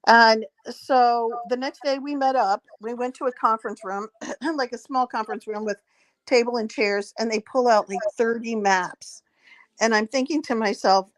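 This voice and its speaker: Woman clearing her throat while storytelling. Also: on the high side, normal speed. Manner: lively retelling, acting out quoted dialogue. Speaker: psychic guest. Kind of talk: anecdotal storytelling in an interview.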